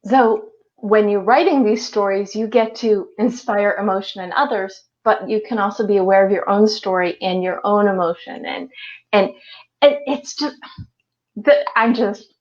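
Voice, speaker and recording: A woman's voice: medium pitch, normal speed, darkish tone, dull audio. A woman hosting a live online interview, upbeat and encouraging, laughing easily as she wraps up the show. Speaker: host.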